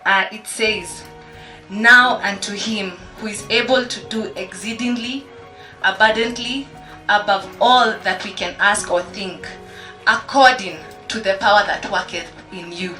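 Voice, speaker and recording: A woman's voice: medium pitch, steady tone, a little slow, sharp tone, reverberant, recorded from a distance, soft background music. A woman from Kenya giving a faith-based encouragement speech to schoolgirls, quoting scripture. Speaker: guest speaker.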